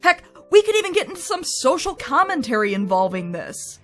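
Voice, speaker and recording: A woman's voice: high voice, very animated, brisk, a bit bright, soft background music. A woman narrating a scripted game review in a wry, chatty way.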